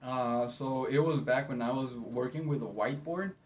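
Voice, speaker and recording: This medium-pitched man is a medical interpreter delivering an educational talk to camera, friendly and encouraging, with frequent pauses in the middle of sentences. The audio sounds distant, dull and lo-fi, with a little noise underneath.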